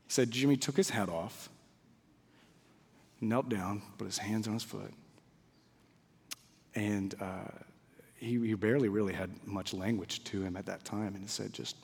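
A man preaching a sermon, telling a story, swinging from loud bursts to quiet asides. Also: lowish voice, a little slow, gravelly, long pauses, breathy edge, big-room sound. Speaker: pastor. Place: church.

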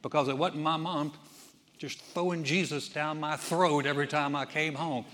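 A man's voice: a little high, fairly even intonation, normal speed, fairly bright tone. Man preaching in a reverberant church. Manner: conversational storytelling with many restarts. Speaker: pastor. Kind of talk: sermon. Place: church sanctuary. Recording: long reverb of a church hall.

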